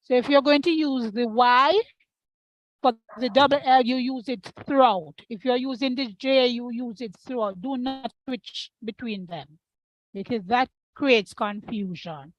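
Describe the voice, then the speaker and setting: A woman's voice: on the high side, a little slow, highs cut off. A woman with a Jamaican accent giving firm, emphatic advice on pronunciation.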